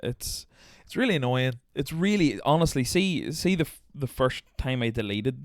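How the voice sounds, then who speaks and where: A man's voice: medium pitch, animated, normal speed, no room sound, studio quality. A man hosting a podcast, chatting casually with a guest, laughing often, swearing and poking fun at himself. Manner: laughing, swearing, self-mocking. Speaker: podcast host. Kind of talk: casual chat.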